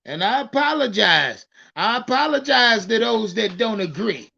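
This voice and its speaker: Bright, sharp male stream host; excitable, swearing, stop-start delivery over muffled audio. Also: high-pitched, normal speed, vocal fry. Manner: animated, profane, repeats words when starting thoughts. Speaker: livestream sports host. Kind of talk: casual livestream commentary.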